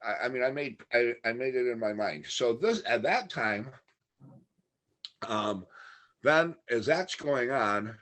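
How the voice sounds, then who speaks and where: A man's voice: mid-range voice, lively intonation, slow, a bit bright. A man talking as a podcast guest, telling a long personal story in a candid, matter-of-fact way. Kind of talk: casual interview storytelling.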